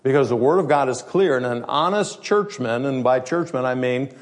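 A male pastor preaches in a conversational way, his middle-pitched voice expressive and at a normal speed. He works through the text with everyday asides and puts rhetorical questions to the congregation.

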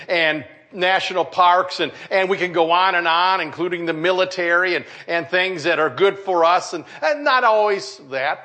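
A man's voice: sits high, bright, forceful tone. An older man, a pastor, preaching a folksy sermon with jokes and asides to his congregation.

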